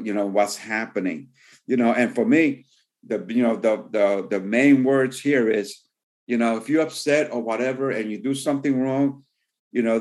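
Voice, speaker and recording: A man, a pastor, teaching a sermon in a loose, conversational way, with many "you know" fillers, who slows down to read scripture verses. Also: medium pitch, a little mellow. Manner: reads scripture verses slowly and deliberately.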